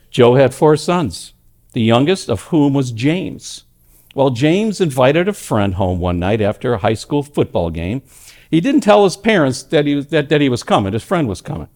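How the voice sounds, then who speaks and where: At a church service, a pastor with a mid-range voice tells stories through his sermon. His animated delivery shifts from loud emphasis to hushed moments and back.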